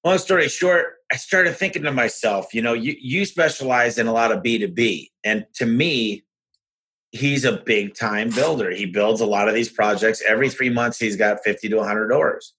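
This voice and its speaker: A man hosting a podcast and telling business stories in an energetic, frank, rambling way. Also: medium pitch, moderate pace, breathy edge. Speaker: podcast host and business owner. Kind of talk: casual conversational storytelling.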